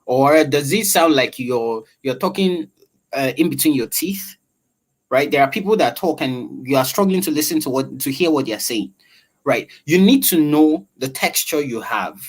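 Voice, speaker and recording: A man, a voice-over artist, explaining voice training in an interview with a velvety, animated delivery and frequent questions to the listener. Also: a little high, normal speed.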